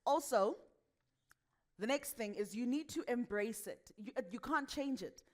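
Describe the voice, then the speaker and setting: A young adult woman with a West African accent giving a lively workshop talk on voice and speaking, animated and laughing often. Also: on the high side, a little slow. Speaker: voice and speaking coach.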